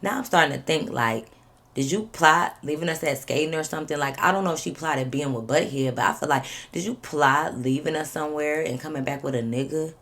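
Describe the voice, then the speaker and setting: A woman vlogger telling a story in casual, animated fashion, swearing freely and acting out what people said. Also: deep voice, fairly quick. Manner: animated, swears freely, acts out others' lines.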